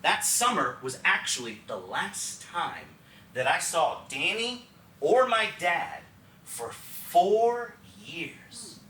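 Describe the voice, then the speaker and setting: A young man from Texas tells his life story on stage in a one-man show, his voice high, bright and lively as he confides in the audience. It is caught from a distance in a roomy theatre, with faint noise behind. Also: takes it slowly. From Texas, USA. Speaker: solo stage performer.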